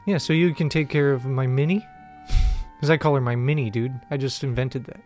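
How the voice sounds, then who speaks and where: A man's voice: medium pitch, fairly quick, darkish tone, faint music behind. A man in his thirties co-hosting a podcast, joking and laughing often in casual banter. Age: 30s. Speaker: podcast co-host.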